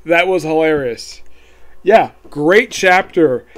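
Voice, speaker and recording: Casting note: man reviewing a manga chapter, slightly high voice, rambling casual recap. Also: a bit bright. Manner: rambling, reads dialogue aloud in quick voices.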